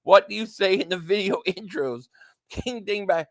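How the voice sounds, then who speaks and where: Male stream host, high voice, dry close mic, chatty, reads out viewer comments. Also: normal speed, no room sound. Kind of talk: casual live stream chat.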